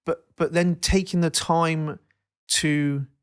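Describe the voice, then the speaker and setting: A man in his late thirties hosting a casual podcast chat, animated and swearing, acting out quotes in put-on voices. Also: a little high, slow pace, smooth. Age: 30s. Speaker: podcast host.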